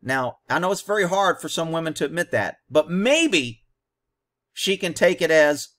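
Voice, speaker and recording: A man's voice: on the high side, very animated, normal speed, fairly bright tone. A man hosting a commentary on a training video, talking bluntly and combatively in short, punchy explanations.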